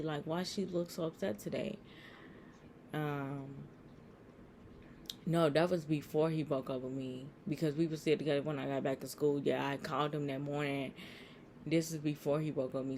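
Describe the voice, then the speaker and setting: Young woman vlogger, gravelly voice, faint hiss behind, rambling storyteller who acts out every line of dialogue. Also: low-pitched, darkish tone. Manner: rambling, repeats herself, quotes others in dialogue. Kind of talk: personal storytelling to viewers.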